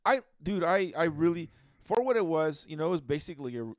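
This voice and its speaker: A man's voice: on the high side, very animated, fast talker, dry recording, clean studio sound. A man co-hosting a podcast in loose casual chat, rambling with many restarts and swearing freely. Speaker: podcast co-host.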